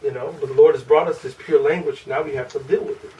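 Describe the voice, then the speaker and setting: A man's voice: a little high, fairly even intonation, quick pace, warm tone, lo-fi sound. A man teaching an informal class, talking in a loose, rambling way with many restarts, picked up by a camera across the room. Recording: distant from the mic, faint room noise.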